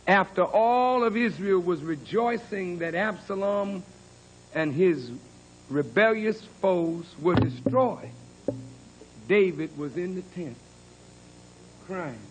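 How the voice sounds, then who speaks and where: A man with a high voice delivers a sermon at an unhurried pace. He tells his story dramatically, sinking to hushed, low passages and then climbing to emphatic peaks. He speaks with earnest insistence on his honesty. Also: animated, a little hiss or hum, rough recording. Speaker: minister.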